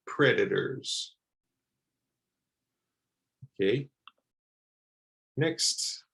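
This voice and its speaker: A man teaching English pronunciation, repeating words slowly and carefully for learners. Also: mid-range voice, vocal fry, poor audio. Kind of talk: slow, deliberate pronunciation lesson.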